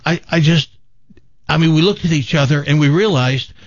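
Man, radio host, animated storyteller, dull dry studio audio. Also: fairly high pitch, moderate pace, no echo. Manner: animated, laughing storyteller with restarts. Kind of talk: casual radio talk, storytelling. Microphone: studio mic with headphones.

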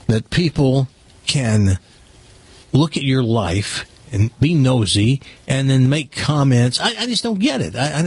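A man's voice: fairly high pitch, slightly rough. An older man hosting a radio talk show, chatty and opinionated in casual talk.

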